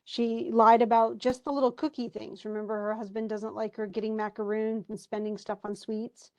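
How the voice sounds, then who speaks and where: A woman's voice: fairly high pitch, flat delivery, moderate pace. Chatty woman teaching a live class. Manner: chatty, explains with asides and restarts. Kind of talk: live class lecture on a play.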